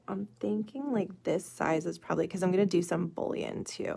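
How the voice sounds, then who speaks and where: A young woman teaching nail art on a live stream. She chats with viewers as "you guys" and "y'all", full of fillers, and murmurs softly while she works. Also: on the low side, normal speed, vocal fry, few pauses, breathy edge. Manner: drops to a soft murmur while working close on the nail. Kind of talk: live tutorial demonstration.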